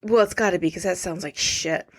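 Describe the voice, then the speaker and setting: A woman's voice: fairly low pitch, fairly quick. A woman co-hosting a comedy podcast, teasing her co-host and reading out facts and reviews. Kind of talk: casual comedic chat.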